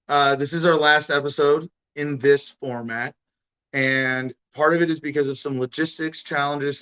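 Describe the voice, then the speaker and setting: A man's voice: mid-range voice, sharp tone, clean tone, muffled recording. A man hosting a podcast in loose, blunt casual chat, rambling and swearing freely. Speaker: podcast host.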